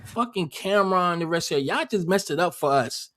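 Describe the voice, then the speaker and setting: A man's voice: high-pitched, animated, a little fast, few pauses, a bit bright. A man hosting a livestream, rambling and joking in crude, profane casual banter. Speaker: livestream host.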